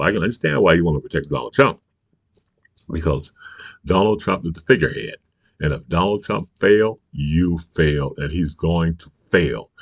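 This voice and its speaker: A man's voice: low voice, breathy edge, no room sound. A man delivering an angry, profane political rant, emphatic and repetitive, constantly asking if the listener understands. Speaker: political commentator.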